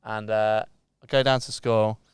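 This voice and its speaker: A man's voice: on the low side, flat delivery, unhurried, clear, resonant tone, no echo, studio quality. A man co-hosting a podcast, telling a story in a sweary, self-mocking way. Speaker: podcast co-host. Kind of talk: casual chat.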